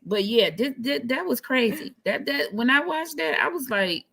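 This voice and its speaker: A woman co-hosting a casual live-stream chat, animated and incredulous, repeating phrases for emphasis. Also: sits high, normal speed, creaky.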